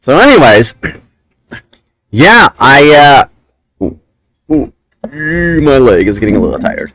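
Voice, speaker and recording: On a low-quality recording with no echo, a man speaks slowly at medium pitch while hosting a casual podcast chat. He's an animated, rambling storyteller, wandering through tales from his childhood.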